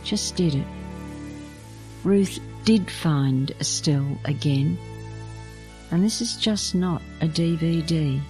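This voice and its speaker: A woman, an abbess, reading a scripted spiritual reflection in a gentle, measured storytelling manner. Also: deep voice, faint music behind. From Australia.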